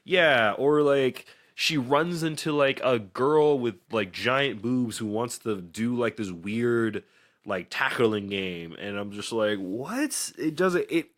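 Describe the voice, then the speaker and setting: A man's voice: mid-range voice, slow pace. A man co-hosting a casual podcast, chatting about anime, laughing often and acting out scenes in funny voices. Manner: animated, laughing, acts out scenes. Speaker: podcast co-host. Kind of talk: casual chat.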